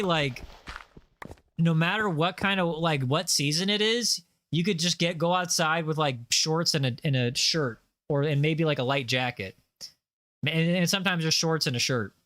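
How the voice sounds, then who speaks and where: Bright-voiced rambling young streamer man. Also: a little high, slight background noise. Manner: rambling, filler-heavy, playfully boastful. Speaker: gaming livestreamer. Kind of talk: casual livestream chat. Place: home setup, lives in Los Angeles.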